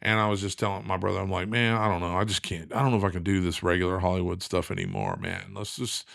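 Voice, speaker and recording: A middle-aged man telling a long story in a lively, casual way, acting out the voices of the people in it. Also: low-pitched, fast talker, vocal fry, dry recording, studio quality. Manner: animated, acts out quoted voices. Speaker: guest.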